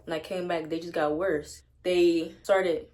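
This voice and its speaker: Young woman, low voice, blunt, slangy, swearing, casual storytime vlog, at home. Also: fairly even intonation, unhurried, darkish tone. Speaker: vlogger. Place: at home with her dog.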